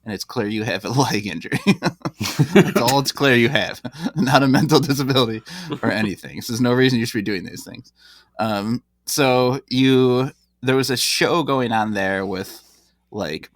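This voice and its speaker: A man's voice: fairly low pitch, no room sound. A man co-hosting a comedy podcast, telling stories loosely and laughing mid-sentence. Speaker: podcast co-host. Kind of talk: casual comedic chat.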